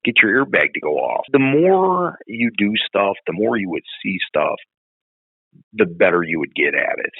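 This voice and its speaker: A man's voice: on the low side, moderate pace, creaky, husky, no room sound. A man, a former police officer, telling blunt, profane stories in casual conversation. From Chicago. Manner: blunt, profane, animated storyteller. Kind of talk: casual storytelling. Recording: tinny phone line.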